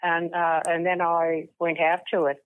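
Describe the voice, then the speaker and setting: An older woman, an interview guest, telling a personal story in a halting way with many restarts. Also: fairly low pitch, flat delivery, no echo. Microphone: phone. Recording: tinny phone line.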